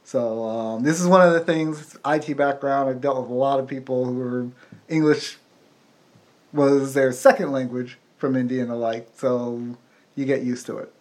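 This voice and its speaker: A man's voice: medium pitch, steady tone, normal speed, a little mellow. Chatty American man hosting a talk show. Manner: chatty, wry, explains at length. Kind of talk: casual talk show chat.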